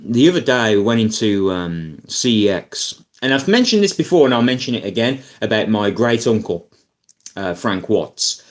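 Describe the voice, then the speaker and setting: A man ranting casually about films as a YouTuber, rambling and animated, full of fillers and asides. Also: mid-range voice. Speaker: YouTuber film reviewer. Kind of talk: casual opinion rant.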